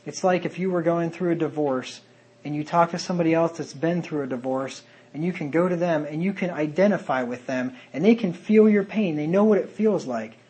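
Earnest husky-voiced male preacher. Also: on the high side, fairly quick, a little mellow, low-quality recording. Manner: earnest, reads verses aloud in King James wording. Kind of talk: sermon with scripture reading.

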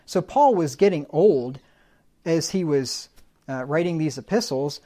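A man's voice: a little high, animated, measured pace, dark tone. A man preaching a sermon in a conversational teaching manner, defining words and adding folksy humorous asides.

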